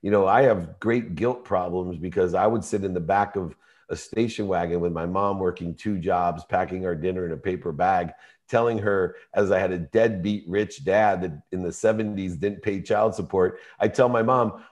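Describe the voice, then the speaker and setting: A man in his fifties, a podcast guest, telling a personal story with emotion and animated, vivid retelling. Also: sits low, normal speed.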